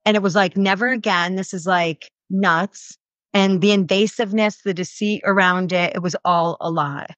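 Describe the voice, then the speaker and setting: A woman in her thirties, a reality show cast member, answering interview questions in casual, animated speech full of "like" fillers. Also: lowish voice, normal speed, no echo. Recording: dull lo-fi sound.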